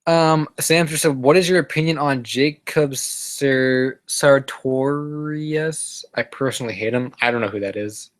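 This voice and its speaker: A man talking off the cuff on a live stream, reading out chat messages and answering them. He rambles along, full of "like" and "um", and often starts a sentence over. His voice sits at an ordinary middle pitch. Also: measured pace, few pauses. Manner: rambling, many fillers and restarts. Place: apartment room.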